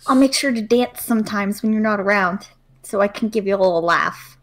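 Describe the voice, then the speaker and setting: A woman playing a tabletop game, reacting warmly and emotionally. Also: mid-range voice, a little fast, poor audio. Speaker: player.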